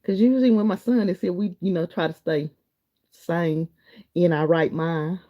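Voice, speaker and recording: A woman's voice: fairly low pitch, steady tone, moderate pace, dull audio. A middle-aged woman, hosting a live stream, chatting loosely with viewers and reading their comments in an encouraging way. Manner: chatty, warm and encouraging, wanders between topics.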